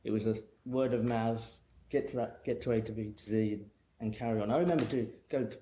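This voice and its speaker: Rambling storytelling man, mellow voice. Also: on the low side, brisk. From England. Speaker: guest hairdresser. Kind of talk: casual storytelling chat. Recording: echoey room with faint noise.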